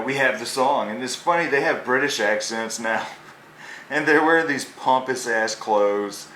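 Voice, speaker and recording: A man's voice: mid-range voice, pushed and bright, a little hiss or hum. A man co-hosting a casual movie review podcast, retelling scenes from the plot and acting out the characters' lines. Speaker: podcast co-host. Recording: echoey room.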